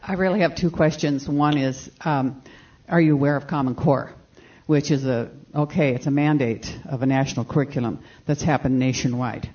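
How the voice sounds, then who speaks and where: A man's voice: medium pitch, steady tone, moderate pace, a little mellow, slightly rough. A man in the audience asking a long, earnest question, explaining at length. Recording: dull lo-fi recording.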